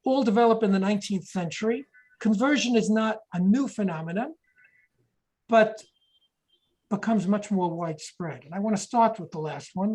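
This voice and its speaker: A woman's voice: mid-range voice, darkish tone, low-quality recording. Woman lecturing on history. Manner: explanatory, reads quotations aloud, self-correcting.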